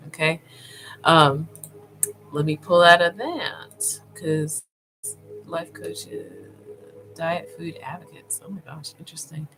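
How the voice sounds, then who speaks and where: A woman vlogger talking casually as she browses online, thinking aloud with many pauses and fillers, and speaking directly to her viewers. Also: sits low, expressive, over music, low-quality recording. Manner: addresses viewers informally.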